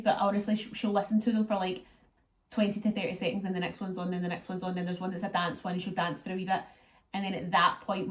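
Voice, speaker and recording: A young Scottish woman vlogging in casual, rambling chat to her viewers, using local slang. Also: fairly low pitch.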